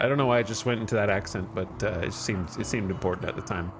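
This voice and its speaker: A man's voice: lowish voice, fast talker, music in the background. A man streaming a game, giving casual commentary in a wry, rambling, self-deprecating way.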